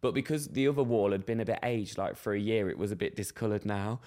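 A young man on a podcast, telling an animated story with frequent laughter. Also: fairly low pitch, fast talker. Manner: animated storyteller, laughs often, acts out voices. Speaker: podcast co-host. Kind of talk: casual chat, storytelling.

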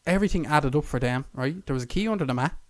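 A man's voice: a little high, animated, rapid-fire, no room sound. A young Irish man co-hosting a podcast, telling a long story in casual chat, swearing, laughing and putting on voices for the people in it. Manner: swearing, laughing, acts out quotes in a raised voice. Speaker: podcast co-host.

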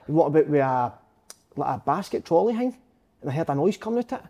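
Fast-talking Scottish man with a mellow voice. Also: fairly high pitch, very animated. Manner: rapid anecdotes, swearing and "mate". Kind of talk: casual banter.

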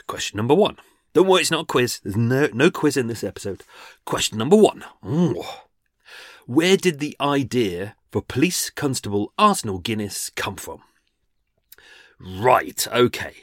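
A man's voice: mid-range voice, fairly bright tone, no echo, studio quality. A man hosting a podcast solo, chatting casually in a rambling way, often restarting and correcting himself. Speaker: podcast host.

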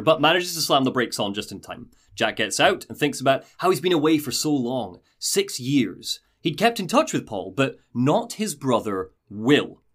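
A male podcast host recapping a game story in an animated, jokey way. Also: medium pitch.

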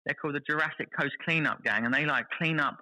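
A man, a podcast guest, telling a story in an animated, excitable way and acting out what others said. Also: a little high, quick pace, low-quality recording. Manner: animated, excitable storyteller who acts out other people's lines. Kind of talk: casual chat, telling a story.

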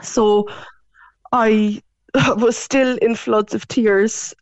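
A woman's voice: a little high, fairly even intonation, very slow, no echo, dull audio. A woman in her forties with an Irish accent, a radio guest telling a personal story in a chatty, emotional way. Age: 40s. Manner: chatty, emotional, quotes others often. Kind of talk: casual storytelling chat.

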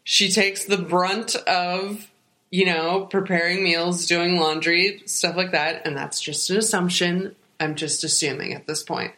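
Slow-talking bright-voiced woman chatting. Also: fairly low pitch. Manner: animated, laughing, sarcastic retelling. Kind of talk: casual chat.

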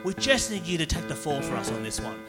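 A woman voicing a smooth-talking male ex-con crook who coaxes with quiet menace, over music. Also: very animated, quick pace. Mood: coaxing menace. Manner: low, coaxing, threatening under friendliness. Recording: background music.

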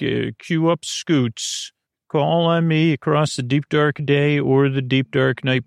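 A man hosting a sleep podcast, talking slowly in a creaky voice and drifting off into tangents full of filler. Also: mid-range voice, dry recording. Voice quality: creaky, meandering. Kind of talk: rambling bedtime monologue.

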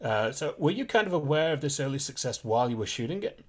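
A man's voice: medium pitch, animated, fast talker. A man hosting a podcast, asking curious, chatty interview questions. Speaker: podcast host.

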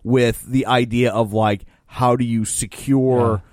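A man talking casually about a film in a mid-range voice, measured and thinking out loud as he goes. The sound is dry, with no room echo. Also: medium pitch, steady tone. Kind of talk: casual chat.

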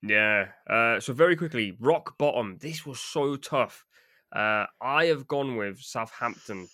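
A man's voice: medium pitch, expressive, measured pace, sharp tone, no room sound, clean studio sound. A man hosting a casual football podcast, leading the talk and laughing often. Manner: laughs often, leads the running order. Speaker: podcast host.

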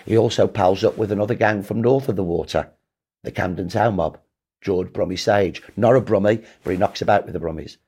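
A man's voice: low voice, brisk, darkish tone, husky. A man, a historian answering interview questions in an emphatic storytelling way. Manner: emphatic, storytelling, rises when rebutting. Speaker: historian guest.

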